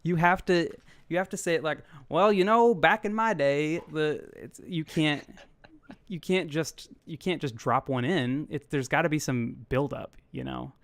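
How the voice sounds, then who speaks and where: A man's voice: fairly high pitch, fairly even intonation, moderate pace, gravelly, no echo. Wry, easygoing male host, dry sound. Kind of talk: casual chat hosting a party game.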